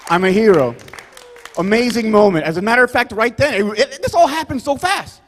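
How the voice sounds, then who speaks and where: Loud high-voiced man doing stand-up. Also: very animated, moderate pace, long reverb tail, a faint crowd, a little hiss or hum. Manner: loud, rambling, keeps saying "you guys" and "right?". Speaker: stand-up comedian. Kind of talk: stand-up set. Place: comedy club stage.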